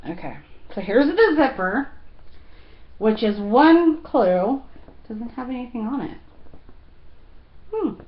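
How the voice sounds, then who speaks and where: Slow-talking chatty woman in her thirties. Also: on the high side, big pitch swings, muffled recording. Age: 30s. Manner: chatty, giggly, lots of fillers. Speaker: fashion vlogger. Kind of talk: casual chat.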